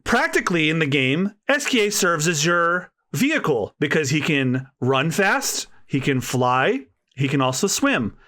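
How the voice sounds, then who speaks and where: Eager bright-voiced man podcaster. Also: fairly high pitch, very animated, measured pace. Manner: enthusiastic, rambling with many fillers. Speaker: podcast co-host. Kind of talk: casual chat.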